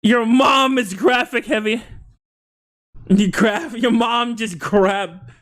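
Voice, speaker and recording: A live streamer in casual chat with viewers, joking and breaking into excited shouts. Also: mid-range voice, takes it slowly. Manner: excitable, jokey, bursts into laughing shouts.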